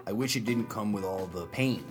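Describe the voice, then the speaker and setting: A male podcast host talking in a husky, gruff voice, hoarse from the flu, in casual chat in a studio. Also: lowish voice, a little fast, music in the background.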